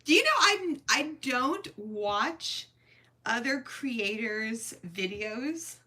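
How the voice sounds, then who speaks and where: A middle-aged woman hosts a crochet livestream in a casual, chatty way. Her voice is bright and forward. She thanks her viewers by name, warm-hearted and close to tears. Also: fairly high pitch, expressive, extremely slow. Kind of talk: casual live-stream chat.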